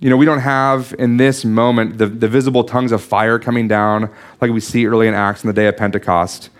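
A man's voice: mid-range voice, level tone, brisk. A man preaching a sermon, explaining a Bible passage in an earnest teaching manner with frequent restarts and small asides. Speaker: pastor.

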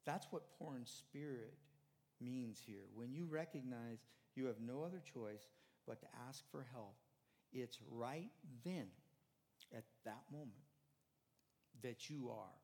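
An older man preaches in a relaxed, conversational way, now pressing a point hard, now dropping almost to a murmur. His mid-pitched voice trails off into a long church reverb. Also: slow pace, pauses often. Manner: conversational preaching, rising to emphatic then dropping soft. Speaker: pastor. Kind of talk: sermon. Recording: hall reverb.

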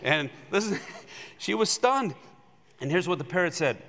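A male pastor preaching a sermon in a church, telling stories with animation and swinging from loud emphasis to hushed asides. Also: high-pitched, very animated, unhurried, long reverb tail.

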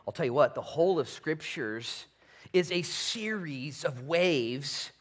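A man preaching a sermon from a church stage with animated, exclamatory delivery that swings between loud bursts and quieter asides. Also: a little slow. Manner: hushed, low prayer voice. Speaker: pastor.

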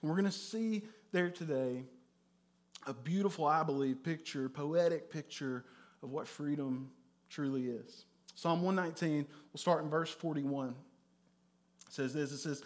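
A man preaching a sermon as a pastor, conversational and animated, often checking in with "right?". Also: fairly high pitch, unhurried. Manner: conversational, with frequent "right?" tags; animated storytelling with bursts of loudness.

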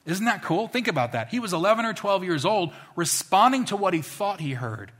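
Guy preaching a sermon, bright voice, chatty and animated. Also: sits high, fairly quick. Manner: animated, conversational storytelling. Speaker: pastor.

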